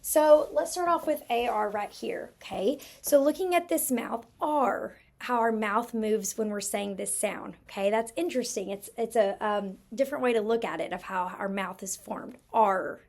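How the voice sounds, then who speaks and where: A woman teaches a spelling lesson, speaking slowly, stretching out each sound and checking in with the class. Her voice is fairly high-pitched, gravelly, and darkish in tone.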